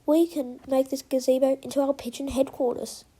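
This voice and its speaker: A woman voicing a calm older male pigeon who leads the squad, speaking in a steady, commanding way. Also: sits high, brisk, natural voice.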